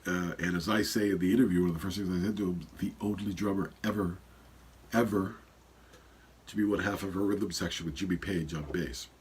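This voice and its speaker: A man's voice: deep voice, steady tone, quick pace, few pauses, slightly rough. A man in his fifties with a stuffy nose, hosting a podcast in a rambling, casual solo intro full of fillers. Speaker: podcast host.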